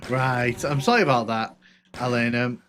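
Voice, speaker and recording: A man chatting loosely through a live gameplay stream, his voice of ordinary middle pitch. He talks in halting bursts full of fillers and restarts as he answers viewers. A faint hum sits behind him. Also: a bit bright. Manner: rambling, hesitant, many restarts and fillers. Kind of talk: casual live gameplay commentary.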